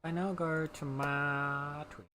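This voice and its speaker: A man's voice: a little high, little pitch movement, takes it slowly, sharp tone, slight background noise. A man livestreaming a game, chatting casually and reassuring his viewers as he answers their chat. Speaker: game streamer.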